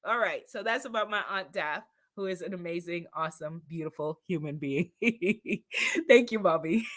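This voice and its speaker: A woman's voice: fairly low pitch, expressive, a little slow. A woman hosting an inspirational live-stream talk, enthusiastic, laughing often and repeating affirmations. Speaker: spiritual host.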